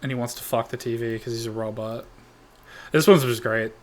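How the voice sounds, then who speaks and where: A man's voice: medium pitch, fairly quick. A man hosting a reaction video who gives rambling, profanity-laden comedic commentary. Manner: rambling, animated, swears a lot.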